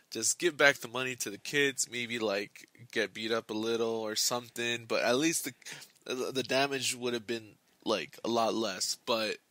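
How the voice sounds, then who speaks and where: Young guy chatting about a book, slow and halting, bright kinda tense voice, dry close mic. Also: mid-range voice, no echo. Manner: rambling, halting, many restarts and fillers. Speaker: book club host. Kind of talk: casual book discussion.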